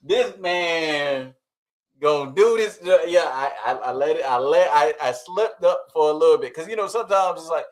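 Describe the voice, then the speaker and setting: A man's voice: fairly high pitch, lively intonation, moderate pace. A man co-hosting a podcast, telling a workplace story in a casual, laughing way and trailing off with "you know". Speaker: podcast co-host.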